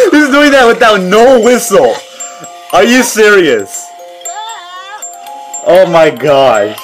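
Laughing man reacting, slow and lively. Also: sits high, low-quality recording. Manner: frequent laughter and repeated exclamations of wow. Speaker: reaction video host. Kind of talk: casual reaction commentary. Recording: music playing behind.

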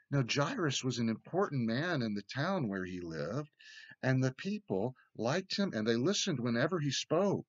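Man, children's sermon, gentle storybook reading, dry close sound, dull muffled audio. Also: medium pitch, animated, normal speed, dry recording. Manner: gentle, simple words for children. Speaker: church children's sermon leader. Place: church, recorded remotely.

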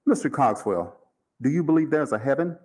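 A man reading aloud, voicing a calm, formal mortician who speaks with polite, amused menace. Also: fairly high pitch, breathy edge. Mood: cool menace. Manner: measured, formal, coolly amused. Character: calm, cold-blooded older male mortician, polite and menacing.

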